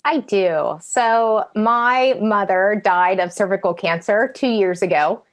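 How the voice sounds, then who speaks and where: A woman's voice: medium pitch, slow. Blunt, frank woman sharing a story. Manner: blunt, frank, matter-of-fact. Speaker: team member sharing a personal story. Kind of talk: candid storytelling in a group discussion.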